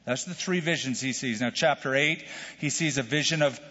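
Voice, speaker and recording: A man preaching a verse-by-verse sermon, animated, repeating words as he goes and acting out the shouts in the story he tells. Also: medium pitch, normal speed. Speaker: pastor. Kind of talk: expository sermon with a told joke. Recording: dull, distant church hall sound.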